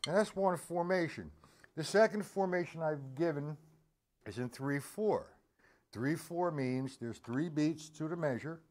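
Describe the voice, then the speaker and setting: A man's voice: mid-range voice, sing-song, normal speed, heavy background noise. A man teaching a drum lesson on a live stream, patiently explaining rudiments and counting the beats aloud.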